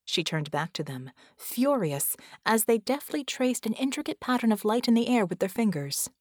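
A woman's voice: a little high, sing-song, normal speed, no room sound, clean studio sound. Woman reading a story aloud. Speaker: audiobook reader. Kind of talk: scripted narration.

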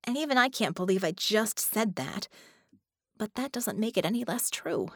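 A woman reading the part of a resolute female leader in an audiobook, speaking flat and stern. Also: mid-range voice, moderate pace, breathy edge, dry recording, studio quality.

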